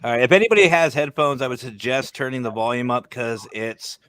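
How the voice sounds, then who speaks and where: A man, a guest paranormal investigator, chatting on a video call in an animated, joking way. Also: medium pitch, fairly quick, no room sound. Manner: animated, laughing, jokey. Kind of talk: casual video chat.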